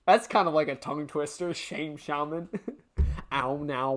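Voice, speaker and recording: A woman's voice: low voice, measured pace. A woman streamer doing let's play commentary, rambling and swearing at her own slips.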